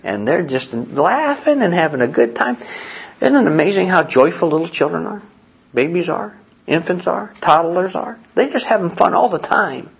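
An older man preaches with a gravelly, husky voice, moving between hushed asides and loud, lively passages. The recording sounds dull and lo-fi. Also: sits high. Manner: animated, swings from hushed to loud. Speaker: pastor. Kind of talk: sermon.

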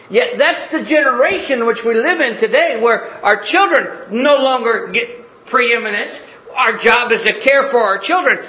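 A man's voice: extremely high pitch, animated, moderate pace, reverberant, dull audio. A man in his sixties preaching a sermon, an earnest pastor who tells stories vividly. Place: church sanctuary.

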